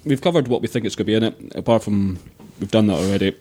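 A man co-hosting a casual gaming podcast, quick, opinionated and wry. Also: fairly low pitch, dark tone. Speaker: podcast co-host.

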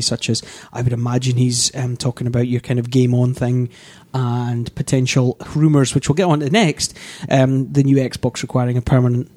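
A man's voice: medium pitch, darkish tone. A man with a Yorkshire accent hosting a casual gaming podcast, reading news quotes with fillers and laughing often. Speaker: podcast host.

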